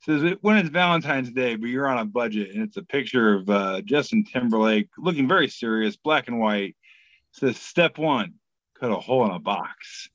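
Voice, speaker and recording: A man's voice: medium pitch, animated, normal speed, fairly bright tone, no room sound. Man, podcast host, casual joking chat, profane, muffled dry recording. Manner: laid-back, profane, breaks into sung bits. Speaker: podcast host reading memes.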